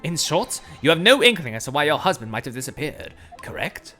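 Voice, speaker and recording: A streamer reads game dialogue aloud as a pompous, eccentric male Victorian detective, theatrical, grandiose and self-satisfied. The medium-pitched voice is very animated, a little fast and sharp in tone, with faint music behind.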